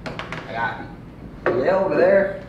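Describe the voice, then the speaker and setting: A man's voice: a little high, lively intonation, measured pace, muffled recording. A man hosting a casual livestream, laid-back, often talking to his chat. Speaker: streamer host. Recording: roomy, distant mic, noisy.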